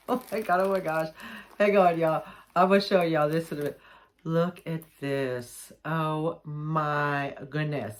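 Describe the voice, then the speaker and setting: A woman's voice: sits low, expressive, measured pace. A woman vlogging at home, unboxing a parcel in a gushing, exclamatory way and calling her viewers y'all. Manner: gushing, exclamatory, laughs often. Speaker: jewellery vlogger. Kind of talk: excited unboxing vlog. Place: home, with a pet nearby.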